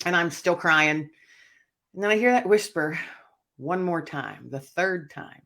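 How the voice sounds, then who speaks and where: A woman's voice: lowish voice, lively intonation, a little slow. Earnest woman recounting her story. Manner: earnest, reflective storytelling, often dropping quiet. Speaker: author and speaker, interview guest. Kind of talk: personal testimony in an interview.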